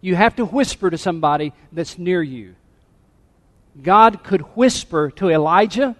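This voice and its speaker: A fairly high-voiced man preaches to his congregation, swinging between near-whispers and emphatic calls. His voice rings through a church sanctuary with a long reverb tail. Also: expressive, measured pace. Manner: dynamic, drops to a hush then rises to emphatic. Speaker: pastor. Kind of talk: sermon.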